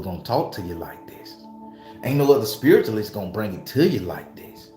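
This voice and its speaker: A man's voice: lowish voice, sing-song, brisk, dark tone. Fired-up, profane man preaching spirituality. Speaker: spiritualist YouTuber. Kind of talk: impassioned spiritual talk to camera. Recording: echoey room with faint music.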